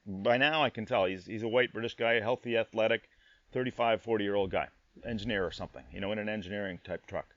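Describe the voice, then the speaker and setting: A middle-aged man, a podcast host, telling a personal story in a casual, animated way, often repeating himself and swearing in disbelief. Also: on the low side, quick pace, dry recording, highs cut off.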